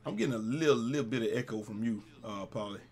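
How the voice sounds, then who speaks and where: A young man giving casual gameplay commentary with friends, joking, swearing a lot and breaking into loud yells when the action picks up. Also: medium pitch, fast. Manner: swears a lot and breaks into yelling mid-game; jokey, trash-talking banter. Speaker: gaming commentator.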